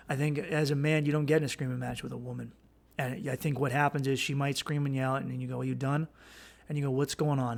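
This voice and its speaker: Blunt, gravelly-voiced man host. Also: fairly high pitch, a bit bright. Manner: blunt, profane, rambling with restarts. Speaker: podcast host. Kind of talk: casual advice monologue.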